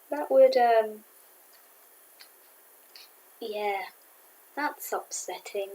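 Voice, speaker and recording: A woman casually reviewing a cartoon episode to camera, rambling and excitable with many fillers. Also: a little high, drawn-out words, slight background noise, low-quality recording. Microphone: camera mic.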